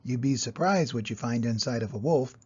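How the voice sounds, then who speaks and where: An older man reading aloud and voicing a calm, worldly male duck who speaks in a matter-of-fact way. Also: mid-range voice, fairly quick, breathy edge, muffled recording, pitched below the performer's own voice, close to an everyday voice.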